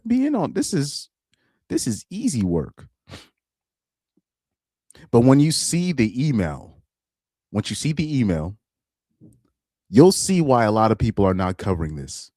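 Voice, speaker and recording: Low-voiced man rambling on a live stream. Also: a little mellow, no room sound, clean studio sound. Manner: rambling, repeats himself, restarts often. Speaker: live streamer reacting to videos. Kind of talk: casual live-stream commentary.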